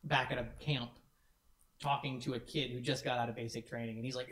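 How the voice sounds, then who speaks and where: Excited guy co-hosting a stream, rambly restarts, echoey room. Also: medium pitch, fairly quick. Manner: enthusiastic, rambling with many restarts. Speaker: co-host of a community stream. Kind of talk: casual chat.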